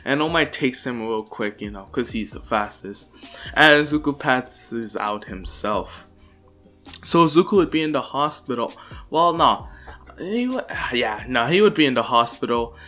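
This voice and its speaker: A man's voice: mid-range voice, lively intonation, a little slow, bright, forceful tone, soft background music. A young man casually improvising a fan story, rambling with fillers and restarts. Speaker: channel host.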